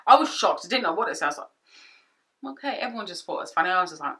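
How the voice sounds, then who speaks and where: A young woman chatting to camera from her home office, retelling a past relationship with animated quoted asides. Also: lowish voice, fast talker. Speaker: vlogger. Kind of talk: storytime vlog. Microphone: camera-mounted shotgun mic.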